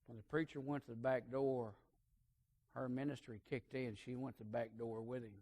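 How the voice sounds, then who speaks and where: A man preaching a sermon, telling a folksy story and swinging between hushed and loud emphasis. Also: medium pitch, steady tone, moderate pace.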